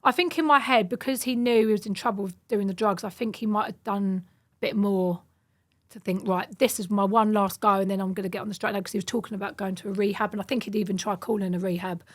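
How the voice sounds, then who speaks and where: A woman's voice: mid-range voice, fairly even intonation. A woman, a podcast guest telling a personal story in conversation and acting out the quoted dialogue as she goes. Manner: fast, vivid retelling that acts out quoted dialogue.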